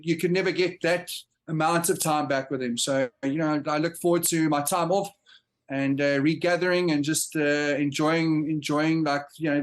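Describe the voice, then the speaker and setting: A man speaking as a guest in a casual chat, halting with many fillers and restarts. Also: on the high side. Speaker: guest, entrepreneur. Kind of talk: casual chat among friends.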